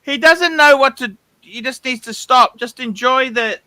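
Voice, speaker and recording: A man's voice: extremely high pitch, a little slow, bright, forceful tone, dry recording. A man hosting a live stream in a laid-back way, reading out viewer messages. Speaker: host.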